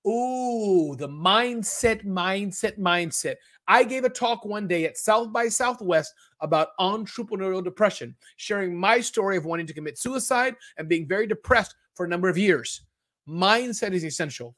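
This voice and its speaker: Energetic, high-voiced male live-stream host. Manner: energetic and chatty, repeats words for emphasis; rapid-fire answers with casual slang. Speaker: host of a live online business summit. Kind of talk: live-stream Q&A, reading out and answering viewer questions.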